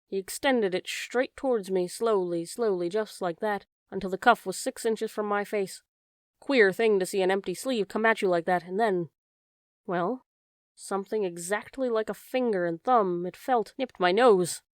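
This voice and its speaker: A woman's voice: mid-range voice, moderate pace, dry recording, lightly acted. A woman voicing a nervous middle-aged village doctor, a man, recounting a fright in an audiobook reading with a dry sound. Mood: uneasy. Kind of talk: audiobook character voice.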